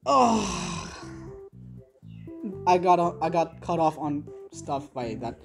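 A young woman giving excitable, self-deprecating commentary while playing a video game on a headset mic. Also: medium pitch, slow, faint music behind. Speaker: gaming channel host. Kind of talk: let's play commentary.

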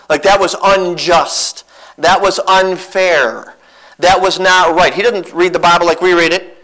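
A man preaching a sermon in a church as a visiting missionary, telling a Bible story with earnest, animated restarts. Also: sits high, poor audio. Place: church sanctuary.

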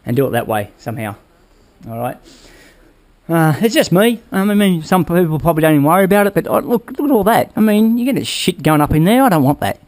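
A man's voice: fairly high pitch, big pitch swings, fast talker, darkish tone. A man casually talking viewers through a motorbike build in his workshop, rambling and checking in with "all right?" as he goes. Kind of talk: casual workshop how-to talk.

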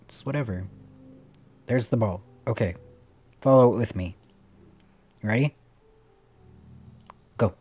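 A man's voice: lowish voice, unhurried, pauses often, a little mellow, breathy edge. A man giving playful let's play commentary on a puzzle game, swearing casually and chatting to the characters on screen. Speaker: gamer playing a puzzle game.

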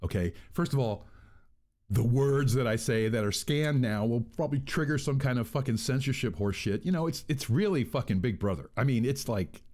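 A man's voice: mid-range voice, expressive, fairly quick, a little mellow. A man hosting his own channel, ranting in a rambling, profane, exasperated way, recorded on an earbud mic. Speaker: channel host. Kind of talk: casual vlog rant.

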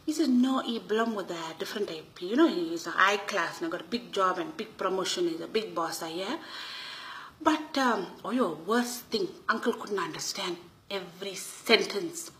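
A woman with a Durban South African Indian English accent, telling a comic monologue as a nosy auntie. Her voice is bright and forward, full of gossipy indignation in broken English. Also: medium pitch, animated, moderate pace, poor audio. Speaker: comedic storyteller.

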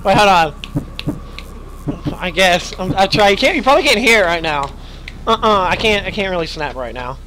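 A man's voice: high voice, expressive, normal speed, long pauses, background noise. A young man chatting and swearing while streaming a horror game, his voice worn and his nose stuffy. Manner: chatty, yelps and swears at scares. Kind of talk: live gaming commentary.

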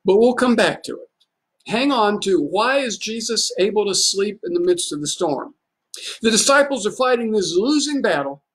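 A man preaching a livestreamed sermon in an easygoing, conversational manner. He tells the story in plain, homely terms and keeps posing rhetorical questions to the congregation. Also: high voice. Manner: conversational and folksy. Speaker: pastor.

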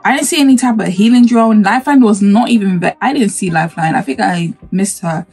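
A woman with a husky voice, talking casually in a gaming reaction vlog and breaking into excited exclamations before rambling on. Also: medium pitch, brisk, soft background music. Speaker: gaming YouTuber.

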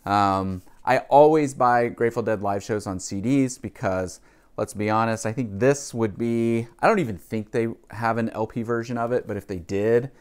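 A man's voice: fairly low pitch, moderate pace, smooth. A man chatting casually to camera about music he bought, rambling with asides and fillers. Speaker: vlogger, record collector. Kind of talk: casual music haul vlog.

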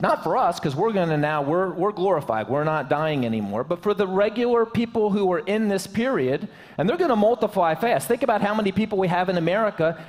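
A man's voice: high-pitched, long reverb tail. A man preaching a sermon to his church, in a joking, conversational way. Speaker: pastor. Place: church sanctuary.

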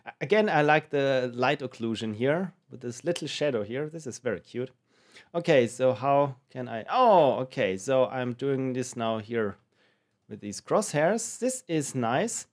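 A man's voice: mid-range voice, expressive, measured pace. A man hosting a let's play, joking playfully and thinking aloud as he tries out a game. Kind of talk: game commentary.

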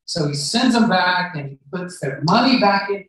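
A man's voice: high voice, a little fast, hardly any pauses, fairly bright tone. A man preaching a sermon, retelling a Bible story and acting out what the characters say. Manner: storytelling, acts out the characters' lines. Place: church hall. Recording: very echoey hall, voice far from mic.

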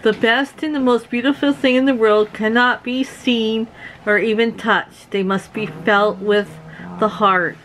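A woman's voice: on the high side, steady tone, measured pace, a bit bright, slight background noise, rough recording. A middle-aged woman from Canada hosting a casual vlog, giggling often and talking to her viewers like friends. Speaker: vlog host.

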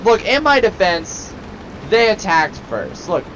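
Animated man rambling over game commentary. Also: sits high, a little slow, highs cut off. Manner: rambling, jokey, swings from mumbling to loud outbursts. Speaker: gaming channel host. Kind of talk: Let's Play commentary. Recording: loud background noise.

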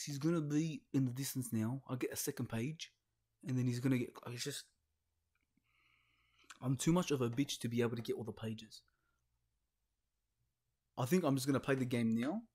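A young man doing horror game commentary, swearing and mocking himself, jumping from low mutters to panicked yelps. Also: husky. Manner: jumpy, swearing, nervous self-mocking, shifting between muttering and panicked yelps. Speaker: gaming YouTuber.

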